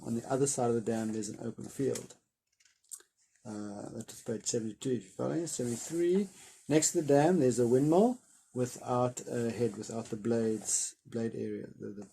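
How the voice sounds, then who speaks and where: A man with a low, gravelly, mellow voice reads a storybook chapter aloud. Afterward he retells it in a loose, unscripted way, pausing often to find his words. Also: a little hiss or hum. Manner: hesitant summary with many filler pauses. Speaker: reader of a children's novel. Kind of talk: reading a book chapter aloud, then summarizing it informally.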